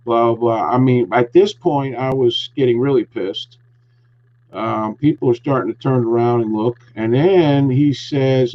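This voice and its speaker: A man's voice: medium pitch, moderate pace. A man hosting a talk show, telling an angry story with lots of swearing and heat. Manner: profane, heated ranting storyteller. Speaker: podcast host. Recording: dull lo-fi recording.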